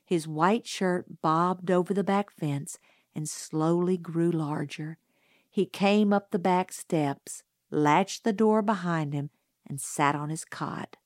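A woman reading a novel aloud in first person, measured and unhurried. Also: on the low side, a little mellow, no room sound, clean studio sound. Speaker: audiobook narrator. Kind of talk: scripted first-person narration.

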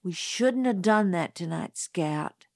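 A woman voicing a stubborn boy of about twelve in an audiobook, speaking in urgent, hushed tones. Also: lowish voice, lively intonation, takes it slowly, vocal fry, no echo, clean studio sound, full character voice. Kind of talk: audiobook character voice.

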